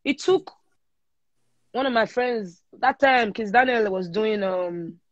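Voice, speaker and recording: Give me a lively young Nigerian woman telling her story over dull, dry livestream audio. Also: fairly high pitch, takes it slowly, no echo. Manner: lively storyteller mixing in pidgin. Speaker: singer guest. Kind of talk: casual interview chat. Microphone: phone on a live stream.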